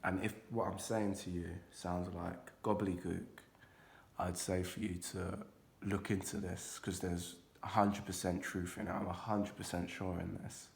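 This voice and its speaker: Swearing now and then, a young man loosely talks viewers through an intuitive card reading at a moderate pace. His deep, low voice is creaky and flat, barely moving in pitch, and there's a slight hiss or hum.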